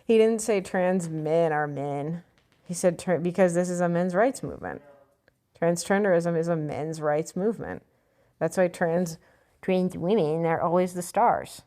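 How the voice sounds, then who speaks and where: A woman's voice: on the low side, a little slow, dark tone. Blunt, sarcastic woman ranting. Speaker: vlogger. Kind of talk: opinion vlog reading an article.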